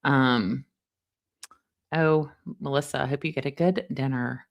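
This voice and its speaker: A middle-aged woman chats with her livestream viewers, telling stories in a lively, animated way. Her voice sits very low and carries a gravelly fry throughout. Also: unhurried, muffled recording. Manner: chatty, animated storytelling, addresses viewers as y'all. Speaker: livestream host recapping a trial. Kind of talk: casual chat with live viewers.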